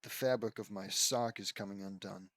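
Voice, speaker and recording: A man's voice: fairly low pitch, steady tone, normal speed, no room sound. A young man reading fan fiction aloud as an audiobook, breaking off often into rambling, casual asides.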